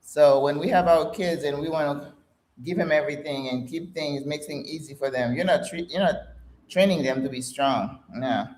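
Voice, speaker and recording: A woman's voice: deep voice, moderate pace, a little mellow. An older woman, chatty and encouraging as she leads a live workout class and talks with viewers. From Caribbean. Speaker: fitness instructor and channel host. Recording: roomy echo.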